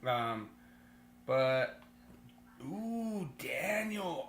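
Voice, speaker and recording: A man's voice: fairly high pitch, expressive, measured pace, fairly bright tone, echoey room, a little hiss or hum. A man co-hosting a podcast, running a trivia quiz in an upbeat, joking way. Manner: upbeat, jokey, reads out quiz options. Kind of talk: casual podcast chat.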